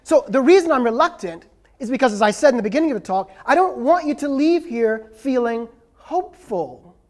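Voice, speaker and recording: With a very high-pitched, expressive voice and a slightly fast delivery, a man lectures as a professor and responds to questions from the audience. He stresses his points hard and habitually caps them with "right?".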